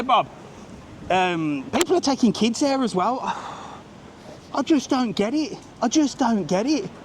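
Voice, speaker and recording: Ranting British man on a live street walk. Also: a little high. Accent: British English. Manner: ranting, blunt, swears casually. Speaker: travel vlogger. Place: outdoors on a busy resort strip. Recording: faint street noise behind the voice.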